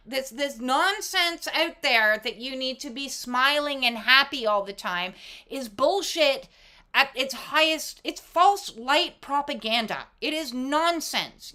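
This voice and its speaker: A woman's voice: sits high, pushed and bright. A woman doing a casual oracle card reading, talking emphatically with lots of fillers and casual swearing. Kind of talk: casual spiritual talk to camera.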